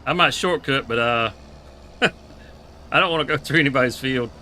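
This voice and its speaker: Here's a man chatting live over farming gameplay, easygoing and full of laughs and country expressions. His pitch is medium and his pace moderate, with frequent pauses, a sharp tone, and slight background noise.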